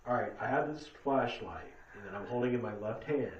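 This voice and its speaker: A man leading a paranormal investigation session, calmly explaining things slowly to any spirit present. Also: medium pitch. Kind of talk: casual ghost-hunt session talk. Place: old hotel room at night. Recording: echoey, distant, dull, faint hiss.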